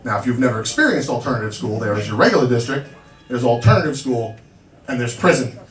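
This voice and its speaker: Performing a stand-up set at a small club, a thirty-something comic from Long Island, New York, spins brash stories at his own expense. His medium-pitched voice is expressive and fast, picked up from afar amid roomy acoustics and a loud audience.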